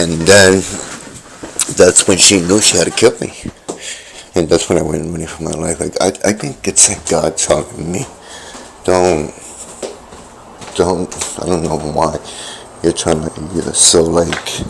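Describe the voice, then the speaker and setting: A middle-aged man telling a personal story in a halting way, with many restarts and fillers. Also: a bass voice, vocal fry. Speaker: vlogger. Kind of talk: rambling personal account.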